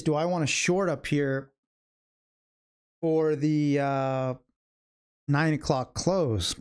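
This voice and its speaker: A man's voice: on the high side, fairly even intonation, takes it slowly, pauses often, darkish tone, smooth. Chatty man thinking aloud over live trades. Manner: talks directly to chat viewers. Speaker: day trading educator and livestream host. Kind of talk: live trading commentary.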